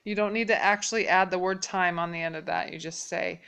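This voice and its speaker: A woman teaching a language lesson at a whiteboard, explaining patiently and repeating each phrase slowly. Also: fairly low pitch, steady tone, vocal fry, a bit bright, smooth.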